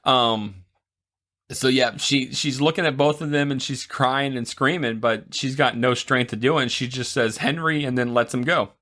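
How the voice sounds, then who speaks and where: A man's voice: mid-range voice, steady tone, normal speed, bright, forceful tone. A man co-hosting a podcast, casually retelling a film's plot with playful asides. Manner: rambling retelling with playful voices and laughs. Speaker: podcast co-host. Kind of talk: casual movie recap chat.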